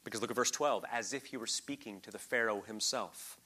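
A man preaching an expository sermon, swinging between hushed asides and loud, mocking emphasis. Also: on the low side, a little fast.

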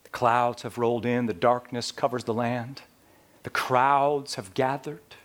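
A man preaching a sermon, swinging between quiet, measured passages and loud, emphatic ones. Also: medium pitch, level tone. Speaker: pastor.

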